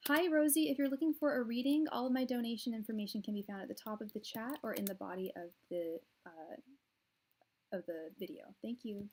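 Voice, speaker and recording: A woman hosting a tarot live stream from a room at her parents' house, chatting in a soft, soothing voice with many fillers and restarts. Her audio comes through quiet and low. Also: brisk, a little hiss or hum, low-quality recording. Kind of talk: casual live-stream chat. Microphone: quiet, low-level live-stream audio.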